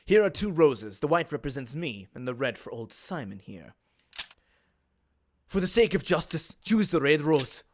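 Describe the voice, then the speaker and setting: A man with an Australian accent voicing a scheming male villain who speaks in a low, slow, courtly way. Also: sing-song, a little hiss or hum. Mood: tempting. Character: smooth scheming male villain offering a choice.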